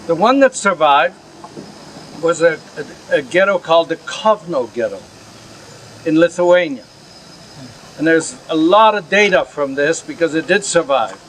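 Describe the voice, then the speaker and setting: Older guy giving a talk, earnest and straight-talking, kinda high voice, faint hiss behind. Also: animated, a little slow, long pauses, fairly bright tone, rough recording. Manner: earnest, plain-spoken, with asides to the audience. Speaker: Holocaust survivor speaker. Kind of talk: lecture with audience questions. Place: outdoor camp gathering.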